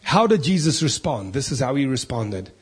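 A man's voice: medium pitch, sing-song, moderate pace, breathy edge. A man preaching a sermon in church, emphatic, asking rhetorical questions and reading scripture aloud.

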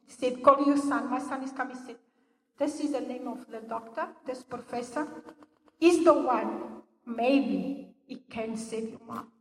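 High-voiced older woman. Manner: halting non-native English, earnest storytelling. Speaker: church member giving testimony. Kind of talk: personal testimony in church. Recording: echoey hall, voice from far off.

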